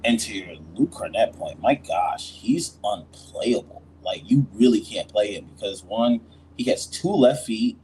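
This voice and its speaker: Male podcast host, mid pitch, relaxed blunt delivery, slight background hiss. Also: a little slow, low-quality recording. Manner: blunt, slangy critique. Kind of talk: casual sports chat.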